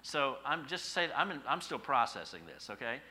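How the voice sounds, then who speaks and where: A man's voice: mid-range voice, big pitch swings, moderate pace, sharp tone. A middle-aged man, a pastor, preaching a sermon with folksy stories and rhetorical questions.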